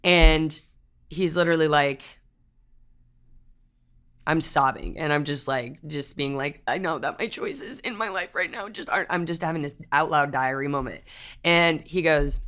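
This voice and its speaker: A woman's voice: deep voice, moderate pace, pauses often, fairly bright tone. A woman co-hosting a podcast, casually and candidly telling stories about her past, swearing freely. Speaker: podcast co-host. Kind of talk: casual chat.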